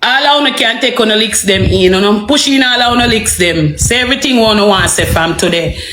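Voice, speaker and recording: A woman's voice: a little high, brisk, a bit bright, a little hiss or hum. A woman with a Jamaican accent ranting to viewers on a livestream. She repeats herself and keeps asking rhetorical questions. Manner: heated, repetitive, rhetorical questions. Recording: echoey room, faint music.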